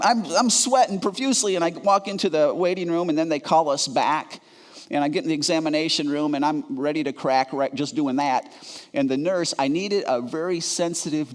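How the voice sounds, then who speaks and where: A man preaching a sermon, telling a self-mocking story with animated delivery and frequent stammered restarts. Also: fairly high pitch. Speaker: pastor. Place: church sanctuary. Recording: reverberant church hall.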